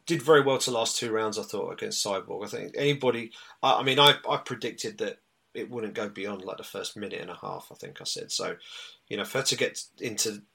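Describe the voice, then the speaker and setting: Chatty British man, bright voice. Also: lowish voice, brisk, vocal fry, slightly rough. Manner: chatty, rambling with many fillers. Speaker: podcast co-host. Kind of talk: casual chat, recapping results.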